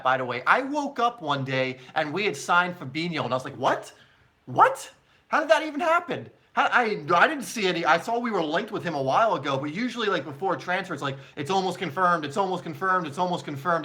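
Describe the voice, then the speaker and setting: Bright-voiced young man answering live questions. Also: fairly high pitch. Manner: casual, chatty, laughs often, many fillers. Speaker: soccer channel host. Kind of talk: live Q&A stream.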